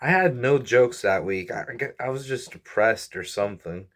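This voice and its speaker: Speaking at a normal speed in a mid-range, slightly bright and expressive voice, this twenty-something man rambles to his viewers. He's a YouTuber and comedian venting on camera, stressed and tired, with plenty of sighs and apologies.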